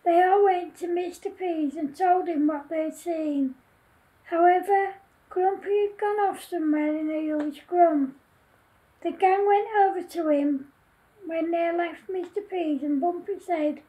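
A woman reading her own children's story aloud in a slow, deliberate, homely way. Her voice is very high yet mellow, and she takes her time over every line. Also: steady tone, low-quality recording.

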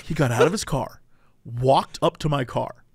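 A man co-hosting a podcast, telling a story in an animated, rambling way and often cutting himself off. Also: medium pitch, normal speed, breathy edge, dry recording, studio quality. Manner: animated, rambling, self-interrupting. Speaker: podcast co-host. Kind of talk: casual storytelling chat.

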